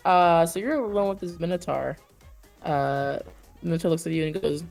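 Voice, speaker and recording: A woman's voice: lowish voice, steady tone, moderate pace, gravelly, a little mellow, faint music behind. A woman narrating as game master for a tabletop game, hesitant with many fillers.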